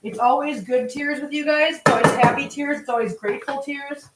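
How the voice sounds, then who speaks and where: Lady cooking live in her kitchen, chatty and teary-grateful, kinda high voice, roomy echo. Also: brisk, heavy background noise. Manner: effusive, emotional, thanks viewers warmly. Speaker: cooking livestream host. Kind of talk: casual live-stream chat while cooking. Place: home kitchen.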